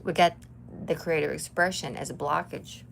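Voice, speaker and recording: A woman's voice: low voice, moderate pace, gravelly, slight background noise. A woman telling a chatty story to her live viewers during a tarot reading. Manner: chatty, animated, talks to live chat. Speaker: tarot reader.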